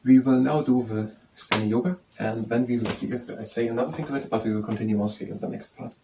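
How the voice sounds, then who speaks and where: Male tutor, mellow dark voice, slow repetitive explaining, slightly distant mic with faint noise. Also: medium pitch, fairly even intonation, highs cut off. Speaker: study tutor. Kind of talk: explaining lesson with yoga breaks.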